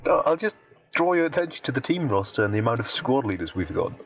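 A man's voice: mid-range voice, sing-song, fast talker, gravelly, muffled recording. A man from the UK joking around in casual chat with friends during a livestreamed game. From United Kingdom. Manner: wry, joking. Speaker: gamer on a livestream. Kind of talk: casual chat while gaming.

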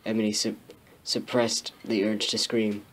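A man's voice: lowish voice, little pitch movement, measured pace, slight background noise. Man doing a mocking comic reading. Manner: laughing, mock-outraged asides. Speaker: comedic reader.

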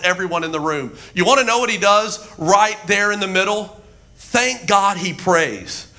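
A man preaching a sermon as a pastor, telling stories with humor and acting out the voices of the people in them. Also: sits high. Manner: animated storytelling, acting out voices. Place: church.

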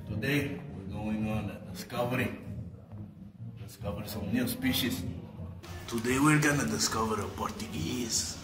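A young man playing a comic wildlife reporter, excitable and shouty, calling out to the audience. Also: on the low side, normal speed, over music. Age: young adult. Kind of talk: comic nature-documentary spoof. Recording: echoey room with loud background noise.

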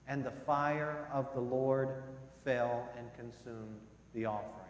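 A male pastor preaching a sermon, swinging between loud emphasis and soft, low passages. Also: fairly even intonation, takes it slowly. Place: church sanctuary. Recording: echoey church hall with long reverb.

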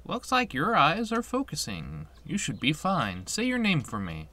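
A man reading the lines of a calm, motherly older female school doctor in a slightly raised voice, in a game playthrough. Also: on the high side, measured pace, pitched above the performer's own voice, exaggerated voice. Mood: gently scolding. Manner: reads the on-screen dialogue aloud in a lightly lifted voice.

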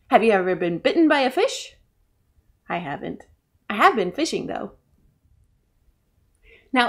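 Lively woman reading a children's story. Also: on the high side. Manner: animated, sing-song, asks children questions. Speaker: children's librarian.

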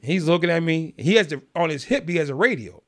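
A man calmly and vividly telling a story in an interview, in a streetwise manner. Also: on the high side, fast talker. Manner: calm, streetwise, vivid retelling. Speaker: guest.

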